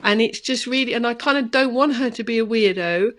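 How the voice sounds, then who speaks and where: A woman's voice: fairly high pitch, fairly quick. A woman in her thirties co-hosting a podcast, telling a story in a thoughtful, earnest, casual way. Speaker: podcast co-host. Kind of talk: casual conversation.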